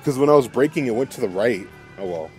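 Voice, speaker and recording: A young man giving casual let's-play commentary, excitable and swearing as he plays. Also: mid-range voice, fast, soft background music. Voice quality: excitable, swears and laughs often.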